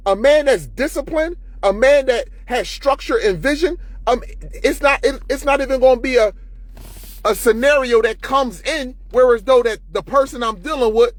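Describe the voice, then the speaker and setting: Fiery, profane man with a very high voice. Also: no echo. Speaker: vlogger. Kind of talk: unscripted monologue to camera.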